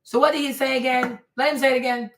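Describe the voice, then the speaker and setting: A woman's voice: sits high, fairly even intonation, fast. Blunt, emphatic female stream host reacting to clips; echoey room sound. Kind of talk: casual commentary on clips.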